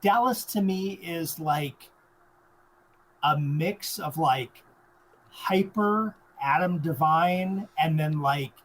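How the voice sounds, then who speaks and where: A man co-hosting a casual movie review podcast, chiming in with short agreements and quick jokes. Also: fairly high pitch, slight background noise, poor audio. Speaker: podcast co-host.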